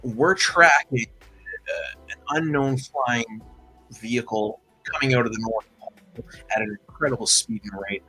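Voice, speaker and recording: A man's voice: mid-range voice, normal speed, sharp tone, slightly rough, faint music behind, poor audio. A man voicing a brusque male military phone operator, with a clipped, official manner.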